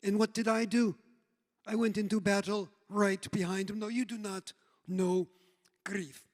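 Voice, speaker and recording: Man doing a blunt female ex-commando therapist, put-on Israeli accent, clipped broken English, deadpan scolding, slow, echoing hall. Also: high voice. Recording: long reverb in a large hall.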